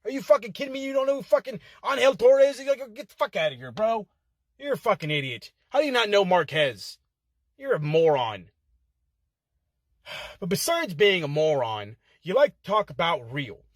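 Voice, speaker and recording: A man's voice: sits high, slightly rough, no room sound, studio quality. A man recorded inside a car, cutting a swaggering wrestling trash-talk promo full of heated profanity. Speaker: contestant in an online promo-cutting contest.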